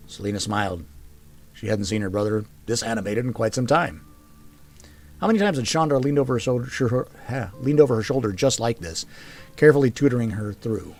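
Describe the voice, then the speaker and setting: A man reading a fantasy story aloud in an expressive narrating voice. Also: lowish voice, fairly quick, soft background music. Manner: expressive, varied delivery.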